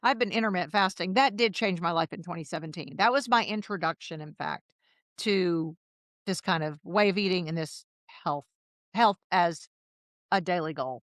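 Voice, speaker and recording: A woman in her fifties, a guest on an interview podcast, who tells her stories in a lively way and acts out the dialogue. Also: fairly low pitch, moderate pace, dry recording, studio quality. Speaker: podcast guest, health coach. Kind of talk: casual interview storytelling.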